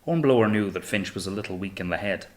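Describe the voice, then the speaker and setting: A man reading an audiobook of a naval novel in a steady, measured way. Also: low-pitched. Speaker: audiobook narrator. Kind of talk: scripted audiobook narration.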